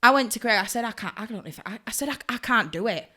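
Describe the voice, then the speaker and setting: A woman's voice: fairly high pitch, fast talker. A young woman, chatting casually on a podcast and acting out quotes as she tells stories. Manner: animated storyteller, acts out quotes. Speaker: podcast co-host, hairdresser. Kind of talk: casual chat.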